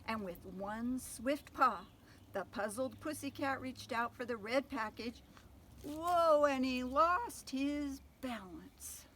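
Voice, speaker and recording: An older woman reading a picture book aloud to children, gentle and pausing to ask them questions. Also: fairly high pitch, expressive, slight background noise. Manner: gentle, asks listeners questions. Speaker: storyteller.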